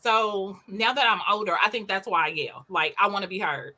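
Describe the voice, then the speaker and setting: A woman's voice: mid-range voice, fairly quick, pushed and bright. A woman co-hosting a casual chat, speaking in an emphatic, earnest way and repeating her points. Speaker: co-host.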